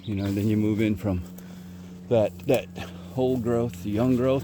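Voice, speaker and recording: At a measured pace and in a steady, low voice, a man narrates to camera as he walks through the woods training bird dogs, praising them and calling out loudly. It's a noisy outdoor field recording with birds and ambient sounds.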